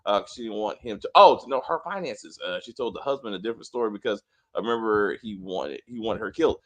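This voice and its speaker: A man co-hosting a casual spoiler review, animated and exasperated, swearing freely and acting out scenes. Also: fairly low pitch, fast. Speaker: movie review co-host.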